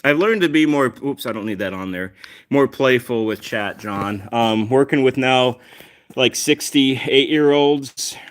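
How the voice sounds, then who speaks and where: A man chatting casually on a cat livestream, answering viewers and calling to his pets. His humor runs dry and a little sarcastic. His voice sits at a middle pitch for a man. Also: a little slow. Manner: chatty, self-aware sarcastic humor, talks to his cats. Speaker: livestream host reading chat.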